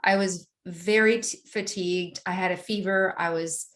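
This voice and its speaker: A woman guest in an interview, telling a personal story in a vivid, animated way and often laughing. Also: fairly low pitch, moderate pace.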